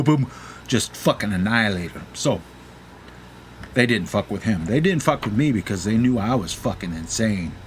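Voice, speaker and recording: A man's voice: fairly low pitch, a little hiss or hum. A middle-aged man, a gaming streamer, casually telling a profane story while he plays, acting out the people in it. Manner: profane, animated storytelling, shouts quoted lines.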